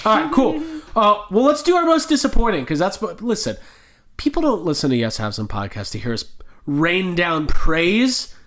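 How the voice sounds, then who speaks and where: A man's voice: high voice, sing-song, fairly quick, fairly bright tone. A young man hosting a film podcast, steering the talk with jokes and self-mocking asides. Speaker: podcast host. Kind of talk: casual chat.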